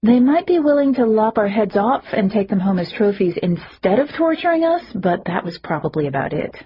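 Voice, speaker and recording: A woman reading a first-person audiobook, lively, rising in pitch when characters shout. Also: brisk, slight background noise. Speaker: audiobook narrator. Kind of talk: audiobook narration with character voices. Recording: muffled lo-fi audio.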